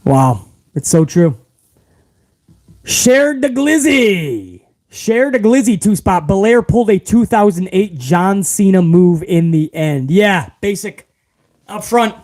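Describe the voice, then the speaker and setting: A man with a fairly high voice hosts a casual live stream, reading viewer comments aloud. He rants with heavy profanity and keeps calling his audience bro. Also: lively intonation, takes it slowly, a little mellow.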